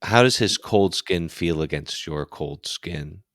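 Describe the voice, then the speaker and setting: Deep, slow-spoken male game master. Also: lively intonation, fairly bright tone, dry recording, studio quality. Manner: slow, measured narration with questions to the player. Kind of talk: narrating a tabletop horror game.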